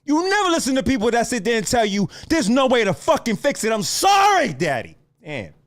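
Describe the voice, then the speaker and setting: A man delivers a heated, profanity-laced solo rant to his listeners. His voice sits very high and leaps up and down as he lectures. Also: expressive, quick pace. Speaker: podcast host.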